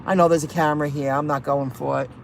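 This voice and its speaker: Talking fast in a low, creaky voice with a steady tone, a woman rideshare and delivery vlogger tells her viewers an indignant story and reads their comments. It's a casual venting chat, recorded with loud car and street noise around her.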